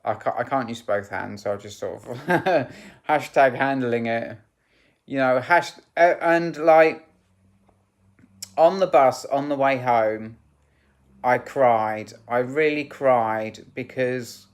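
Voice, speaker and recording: A man tells a personal story to camera at a slow, unhurried pace. His talk rambles and halts, full of restarts and fillers. He speaks with candid, open emotion. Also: mid-range voice. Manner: rambling and halting, full of "you know" and restarts.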